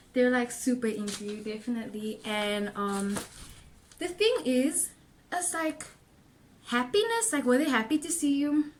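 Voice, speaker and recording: A woman's voice: a little high, a bit bright. A young woman giving a casual tarot reading, chatty and rambling with lots of fillers, a little out of breath. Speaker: tarot reader and vlogger.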